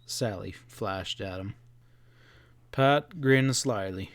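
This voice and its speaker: Guy reading a western audiobook, steady, mid voice, dry close mic. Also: mid-range voice, measured pace, clean tone, no echo. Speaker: audiobook narrator. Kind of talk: scripted narration.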